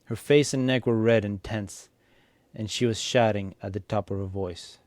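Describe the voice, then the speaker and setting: Brief: male story reader, low-pitched, relaxed narration, occasional slips. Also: no echo. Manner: unhurried, small slips. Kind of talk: reading a story aloud.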